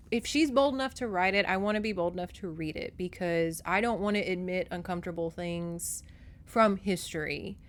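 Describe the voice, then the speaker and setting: A woman's voice: medium pitch, fairly bright tone. A young woman hosting a casual book recap podcast, chatty, emotional and swearing freely. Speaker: podcast host.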